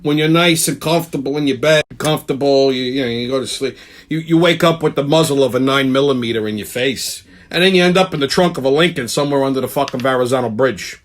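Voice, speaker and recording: A man's voice: mid-range voice, quick pace, a little hiss or hum. A man hosting his own channel, delivering a profane comedic rant in a brash tough-guy manner and repeatedly asking "okay?". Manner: heavy swearing. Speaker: channel host.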